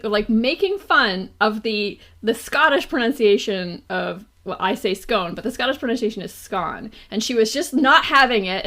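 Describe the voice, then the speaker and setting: A woman on a podcast who tells a chatty anecdote and drops to a soft voice at the ends of phrases. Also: on the high side. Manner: chatty, anecdotal, trails off softly. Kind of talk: podcast conversation.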